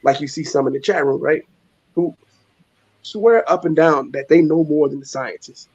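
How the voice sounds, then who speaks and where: Husky man in casual chat. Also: fairly high pitch, normal speed, dry recording. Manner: animated, swearing storyteller. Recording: dull lo-fi sound.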